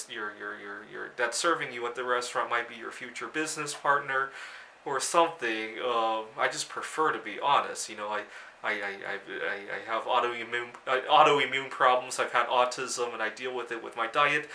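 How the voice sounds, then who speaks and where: Bright-voiced man telling a rambling story. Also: mid-range voice, roomy sound. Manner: rambling, halting, often repeats words. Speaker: vlog host. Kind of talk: casual personal storytelling to camera.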